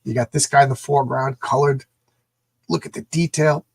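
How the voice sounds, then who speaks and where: A man reviewing comic books in a casual livestream, excited and rambling, often acting out the characters' lines. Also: mid-range voice, normal speed, vocal fry, husky, no echo. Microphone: small camera mic.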